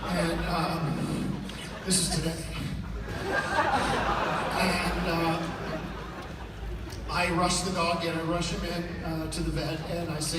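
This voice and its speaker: A man doing a rambling, deadpan stand-up routine that breaks into sudden yelling, recorded live in a comedy club. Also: on the high side, slow, pauses often. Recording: echoey live room, mic from far off, loud crowd noise. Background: loud laughing crowd.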